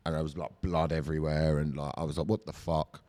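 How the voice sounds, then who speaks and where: A man's voice: very deep voice, little pitch movement, fast talker, mellow. A man co-hosting a comedy podcast in casual chat, rambling and crude, slipping into silly voices for quotes. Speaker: podcast co-host. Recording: long hall reverb.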